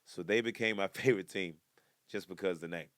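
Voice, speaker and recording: Hosting a comedy podcast, a man rambles casually from topic to topic, with joking asides and sudden loud, excited outbursts. His low voice is fast, recorded at studio quality with no room sound.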